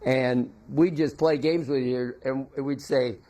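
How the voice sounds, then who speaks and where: An older man giving a memorial tribute, telling folksy, halting anecdotes about a former teammate. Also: medium pitch, steady tone, dark tone.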